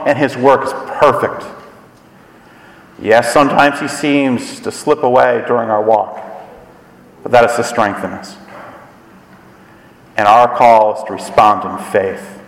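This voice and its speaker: A man preaching a sermon as pastor, earnest, dropping low and quiet on statements of faith. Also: fairly even intonation, unhurried, pauses often, recorded from a distance. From Scotland. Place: church sanctuary. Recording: echoey hall, voice from afar.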